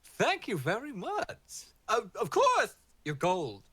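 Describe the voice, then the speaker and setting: A man voicing a showy male fae green man in a tabletop game, high and theatrical. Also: huge pitch swings, slow, sharp tone, husky, heavily acted. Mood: grand.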